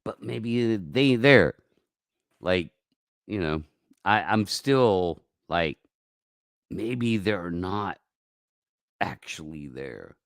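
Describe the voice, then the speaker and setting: Deep, rambling, swearing livestream host man. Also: lively intonation, drawn-out words, creaky, pauses often, no echo, clean studio sound. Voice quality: profane, rambling. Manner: swings from mumbling to loud outbursts. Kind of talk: casual livestream talk.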